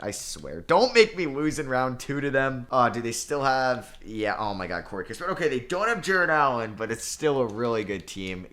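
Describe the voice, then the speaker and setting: A young man casually commenting on his basketball video game season, swinging between nervous groans and excited cheers. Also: mid-range voice. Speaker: gaming channel host.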